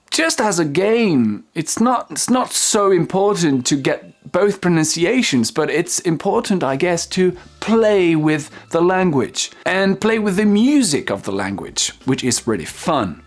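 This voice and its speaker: Slow, lively French-accented English teacher. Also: mid-range voice. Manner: slow, repeats model words, many fillers. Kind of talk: casual online lesson.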